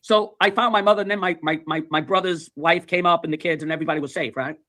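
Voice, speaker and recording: Casting: rapid-fire male storyteller, profane, animated, voices every character. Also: fairly high pitch. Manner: animated storytelling, acts out dialogue, swears, laughs mid-sentence. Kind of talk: casual anecdote.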